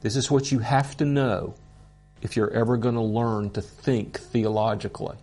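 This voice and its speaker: A man teaching a Bible course in an earnest, deliberate way, openly moved by what he teaches. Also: mid-range voice, steady tone, dark tone.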